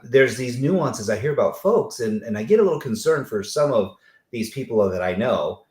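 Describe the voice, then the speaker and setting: A man hosting an interview, telling stories in an animated way and acting out the people he quotes. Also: mid-range voice, normal speed, roomy sound. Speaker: host. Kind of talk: conversational interview.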